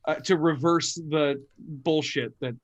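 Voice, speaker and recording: A man's voice: on the high side, fairly even intonation, takes it slowly, a little hiss or hum. Loose, foul-mouthed man recapping a game. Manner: loose and profane, frequent swearing. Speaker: tabletop game player. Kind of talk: casual chat recapping a game.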